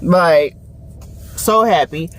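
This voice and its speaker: A young woman tells a story in a casual vlog, animated, laughing and quoting others as she goes. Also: fairly low pitch, drawn-out words. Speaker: vlogger. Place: home and car.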